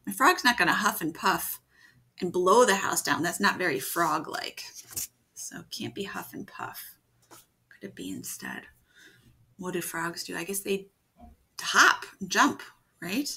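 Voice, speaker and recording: A woman teaches a writing lesson for children, thinking out loud in a gentle, encouraging way. Her voice is bright but husky and gravelly, and she takes her time. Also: on the low side, big pitch swings, measured pace, long pauses. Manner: thinks aloud, gentle and encouraging, with frequent restarts.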